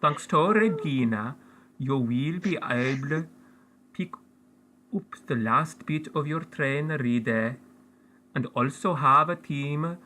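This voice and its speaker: A man narrates a story game with a bright, forceful voice. He reads in a measured, clear way, leading his friends through the scenes. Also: fairly high pitch, slight background noise, low-quality recording. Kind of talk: reading interactive fiction aloud.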